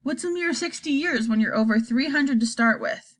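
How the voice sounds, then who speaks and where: A woman voicing an eccentric, chirpy male candy maker in an audiobook, brisk and theatrical. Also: sits high, lively intonation, pitched above the performer's own voice. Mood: breezy.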